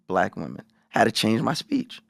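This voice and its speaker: Animated, profane man telling a story. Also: fairly low pitch, moderate pace, gravelly, dry recording, clean studio sound. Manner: animated storytelling, profane, acts out quoted voices. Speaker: podcast co-host. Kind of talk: casual podcast chat.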